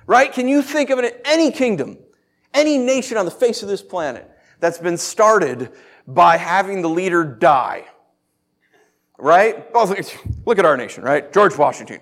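A man preaching a sermon in an animated, conversational way, full of rhetorical questions. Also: fairly high pitch, normal speed.

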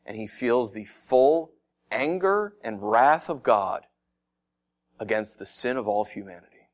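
A man preaching a sermon as pastor, animated and fond of acting out mocking voices, with frequent laughs. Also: medium pitch, unhurried.

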